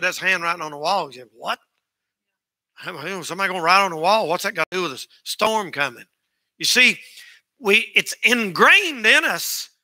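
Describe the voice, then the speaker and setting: A man's voice: sits high, sharp tone. A man preaching a folksy sermon as pastor to his church, joking and acting out everyday sayings. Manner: folksy, joking, acts out quotes. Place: church sanctuary.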